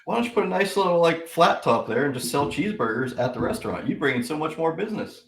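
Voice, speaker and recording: A man's voice: on the high side, expressive, fast talker. A man chatting casually on a podcast, laid-back, putting questions to his guests. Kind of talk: casual chat. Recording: roomy echo.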